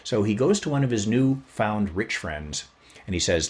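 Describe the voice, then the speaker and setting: A podcast host with a lowish voice and moderate pace tells a history story in a casual, chatty way. He's animated and plays up the tale for fun.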